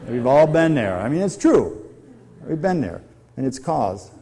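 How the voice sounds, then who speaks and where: Man, pastor, middle-aged, conversational sermon, questions the congregation, warm mellow tone. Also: mid-range voice, very animated, measured pace, vocal fry. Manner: conversational, asks the audience many questions.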